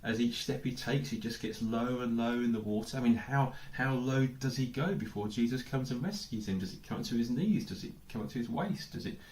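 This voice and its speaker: In an echoey church hall, an English pastor preaches in a mid-range, slightly mellow voice, talking fairly quickly with few pauses. His sermon has the feel of thinking aloud, with many questions and frequent "I don't know"s.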